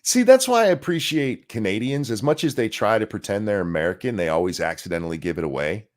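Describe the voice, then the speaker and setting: A man's voice: fairly low pitch, animated, quick pace. A man co-hosting a casual podcast, ranting in a crude, mocking, profane way. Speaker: podcast co-host.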